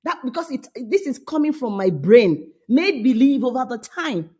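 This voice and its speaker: A middle-aged woman coaching parents, her fairly high voice swinging widely in pitch. She speaks emphatically, scolding and coaxing by turns, and drives points home with repetition. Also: sing-song, normal speed, a little mellow, slightly rough. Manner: emphatic, scolding then coaxing, repeats phrases. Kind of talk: motivational talk to parents.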